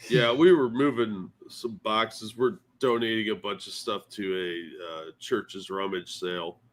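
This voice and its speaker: A man's voice: lowish voice, steady tone, a little slow, fairly bright tone, slight background noise. A man co-hosting a casual morning stream, talking in a sleepy, self-deprecating way and swearing freely. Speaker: podcast co-host.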